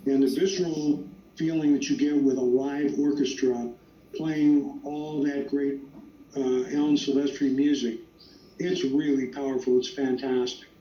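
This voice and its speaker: A man's voice: mid-range voice, dark tone. A man answering audience questions on a panel as the guest writer, telling stories with emphasis. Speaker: screenwriter guest. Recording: echoey distant lo-fi sound.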